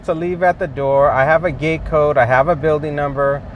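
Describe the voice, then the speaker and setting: A man's voice: a little high, steady tone, moderate pace, muffled recording. A man talking casually to camera while out on delivery runs, chatty and full of fillers and chuckles, recorded inside a car. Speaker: delivery driver vlogger. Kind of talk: casual ride-along narration. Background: faint car and street noise.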